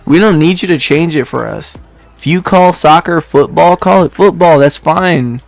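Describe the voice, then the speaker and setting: A man's voice: fairly high pitch, normal speed, vocal fry, no room sound. Man in his twenties, streamer chatting with viewers, rambling, laughs a lot, dry close sound, faint music behind. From Detroit, United States. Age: 20s. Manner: rambling, laughs often, many fillers. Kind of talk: casual chat with stream viewers.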